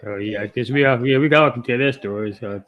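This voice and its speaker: A man co-hosting a casual sports chat show, speaking in a calm, measured way. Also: medium pitch. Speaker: podcast co-host.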